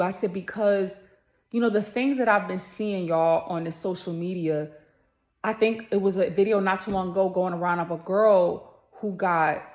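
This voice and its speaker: A woman, chatting casually to camera and telling a story, addressing viewers as y'all and acting out the voices in it. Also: medium pitch.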